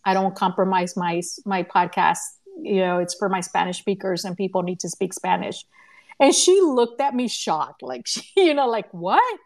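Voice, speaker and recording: A woman tells a long excited story about her conference in a casual online audio chat. She laughs often, her voice swinging up high when she acts out what others said. She speaks from home into a phone or computer mic. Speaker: conference organizer and podcast host. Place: home living room. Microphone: phone or computer mic in a live audio room.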